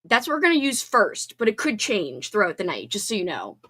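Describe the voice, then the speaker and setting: A woman's voice: medium pitch, huge pitch swings, fairly bright tone, breathy edge. A woman hosting a casual livestream from home, chatting bubbly and reading out viewer comments. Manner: bubbly and chatty, quick laughs and squeals. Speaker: livestream host.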